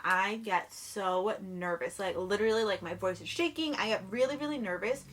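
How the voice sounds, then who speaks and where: A woman's voice: medium pitch, a bit bright. A young woman from New Jersey, chatting casually to her camera while she eats, bubbly and full of "like" and "literally.". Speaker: YouTuber. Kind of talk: casual chat while eating. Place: alone in a room at home.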